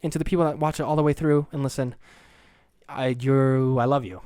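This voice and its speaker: Brief: young male solo podcaster, dry close sound, mid-pitched, crude and rambling. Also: fairly even intonation, a little fast, mellow, smooth, no room sound. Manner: rambling, crude, self-deprecating, jokey. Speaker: podcast host.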